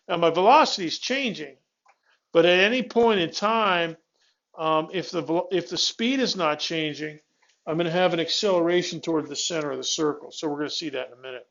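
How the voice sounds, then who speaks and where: Man, high-pitched, physics lecture, step-by-step with checking questions, classroom, muffled lo-fi recording. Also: a bit bright. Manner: talks students through steps, with restarts and checking questions. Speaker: physics instructor.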